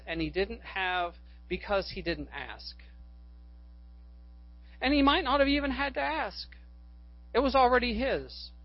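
A male pastor with a high-sitting voice preaches a sermon on a dry, dull lo-fi recording. He rambles through stories, corrects himself, and rises to fervent appeals.

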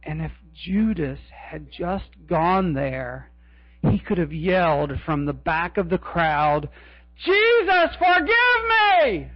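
A male pastor preaching a sermon in a church, dramatic, swinging between loud cries and hushed asides. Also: fairly high pitch, slow pace, no room sound, dull audio.

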